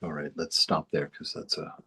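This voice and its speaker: A man's voice: extremely low pitch, monotone, normal speed, gravelly, bright, forceful tone, slightly rough. A man giving an informal spiritual teaching, rambling into anecdotes and chuckling often. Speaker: spiritual study group teacher.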